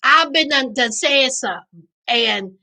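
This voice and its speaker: A woman with a Southern US accent hosting a casual live recap, reading chat aloud and riffing in a sassy, animated way. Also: sits high, unhurried, creaky, poor audio. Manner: sassy, animated, calls viewers child and honey. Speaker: livestream host reading chat.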